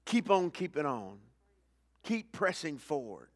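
A man preaching a sermon as pastor, swinging between loud emphatic lines and quiet low asides and repeating key phrases. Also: sing-song, measured pace, no echo, clean studio sound.

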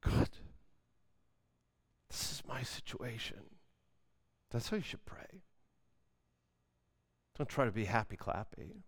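Slow, expressive male preacher. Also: medium pitch, husky. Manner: dramatic, swinging between loud emphasis and hushed asides. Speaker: pastor. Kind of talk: sermon.

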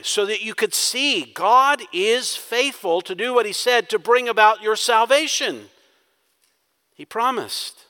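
Man, sermon, high voice, emphatic, long hall reverb. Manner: emphatic, rising and dropping to quiet intensity. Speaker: pastor.

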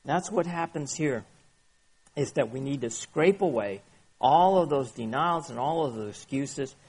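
A man preaching a sermon as pastor, swinging from loud emphasis to quiet asides. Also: mid-range voice, animated, measured pace, breathy edge.

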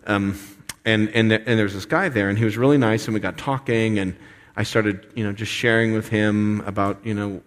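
A man in his forties preaching a sermon in a conversational, animated way. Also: on the low side, normal speed, in a large hall. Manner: conversational, animated, acts out voices. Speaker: pastor.

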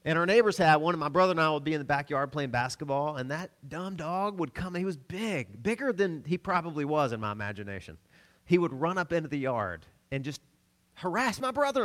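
Animated preacher man with lively pitch. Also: normal speed, pauses often. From American South. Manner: animated storytelling, laughs between lines, swings loud and soft. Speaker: pastor. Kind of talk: sermon.

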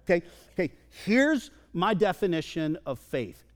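A man's voice: sits high, unhurried. A man preaching a sermon to a congregation, conversational and joking with the crowd. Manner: lively, conversational, jokes with the congregation. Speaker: pastor. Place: church sanctuary. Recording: long reverb of a large hall.

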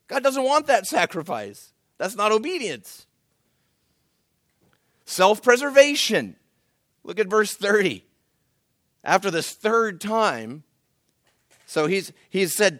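A man preaching with a lively, swooping delivery and a fairly high voice. He acts out the excuses he quotes. The sound is dry and close. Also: moderate pace, no room sound. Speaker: pastor. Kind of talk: sermon.

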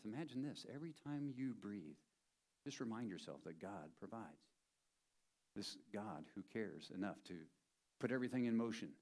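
A man's voice: fairly low pitch, a little mellow. A man preaching a sermon as a pastor in a church, conversational and playful, driving points home by repeating them. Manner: conversational and playful, with emphatic repetition.

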